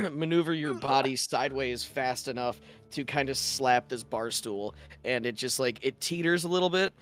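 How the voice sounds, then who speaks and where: Guy running a tabletop game, mid pitch, kinda rambly narration with faint music under it. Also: a bit bright. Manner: loose narration full of "like" fillers. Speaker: game master.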